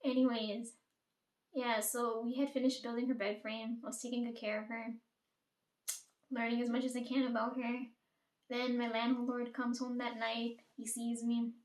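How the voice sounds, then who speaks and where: A woman's voice: on the high side, little pitch movement, normal speed, darkish tone. Chatty woman, roomy echo. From Caribbean. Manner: chatty, profane, fillers "like" and "right?". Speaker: storyteller. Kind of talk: casual storytime chat.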